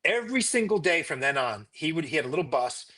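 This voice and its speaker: A man, a physician, telling stories in a conversational interview in an emphatic, animated way. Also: a little high, fast. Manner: emphatic, animated retelling with repetition.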